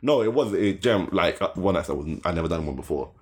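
Deep-voiced young man telling stories. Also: lively intonation, fast, breathy edge. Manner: rambling, swearing, laughing often, acting out voices. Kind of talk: casual storytelling chat.

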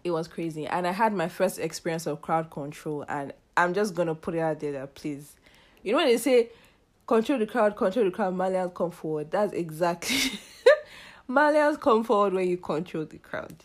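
A woman's voice: fairly low pitch, expressive, moderate pace. A young woman, hosting her own podcast in a casual, chatty way, laughing often and acting out quoted dialogue. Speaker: podcast host. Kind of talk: casual chat.

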